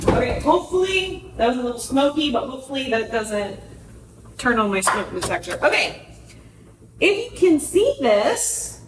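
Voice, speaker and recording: A woman talks through a recipe in her home kitchen with a chatty, earnest manner, mixing in life advice and catching her own slips. Her voice sits fairly high. The sound is roomy and she stands back from the camera, with faint noise in the background. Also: sing-song, a little slow. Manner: chatty, earnest, self-correcting. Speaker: wellness podcast host. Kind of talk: casual cooking vlog with life advice. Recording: echoey kitchen, voice from far off.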